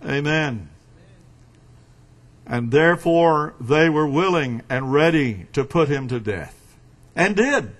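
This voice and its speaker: A man preaching a sermon in a slow, emphatic way, with dramatic swings between loud and quiet. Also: on the high side, expressive.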